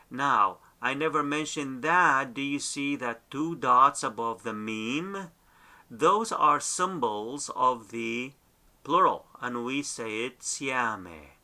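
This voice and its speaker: A man with an Assyrian accent leads a pronunciation lesson, slowly and deliberately. His tone is bright and forward, and he says each syllable twice so learners can follow. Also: medium pitch. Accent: Assyrian, Dashtan Ninwe dialect. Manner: says each sound or word, then says it again clearly. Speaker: language teacher. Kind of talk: slow spoken lesson with repeated pronunciation drills.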